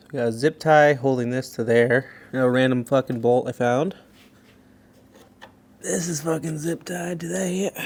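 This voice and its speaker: A man's voice: medium pitch, darkish tone. A young man casually talking through his car project in a loose, rambling, profane way. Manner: loose, rambling and profane, with lots of "you know". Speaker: car vlogger. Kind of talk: casual garage vlog.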